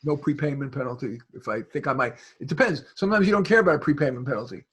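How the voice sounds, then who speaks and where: Husky man rambling through advice. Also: mid-range voice, fast, fairly bright tone. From New York. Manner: rambling, many restarts and fillers. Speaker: guest expert. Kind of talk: casual advice on a video call.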